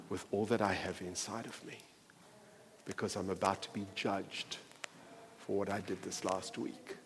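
A man preaching a sermon, telling a story dramatically and swinging between hushed passages and loud ones. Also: lowish voice, a little hiss or hum. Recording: long reverb of a large hall.

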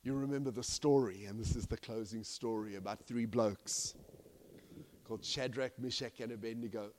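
A man preaching a sermon as pastor, swinging from hushed to loud and acting out the people in his stories. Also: mid-range voice, normal speed. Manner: animated, swings from hushed to loud, acts out quoted characters. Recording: long reverb of a large hall.

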